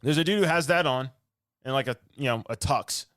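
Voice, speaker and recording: A man's voice: medium pitch, fairly quick, fairly bright tone, dry recording, studio quality. A young man co-hosting a podcast in casual chat, ranting sarcastically and laughing mid-sentence as he gets worked up. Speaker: podcast co-host.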